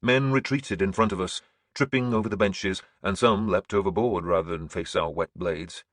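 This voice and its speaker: A man narrating an audiobook in a grim, measured storytelling manner. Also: low-pitched, husky, dry recording, studio quality.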